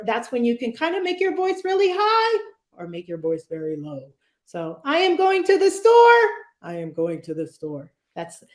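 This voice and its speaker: A woman's voice: medium pitch, darkish tone, reverberant. A woman leading a virtual public speaking workshop, talking conversationally with fillers and frequent "right?" check-ins. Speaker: workshop presenter.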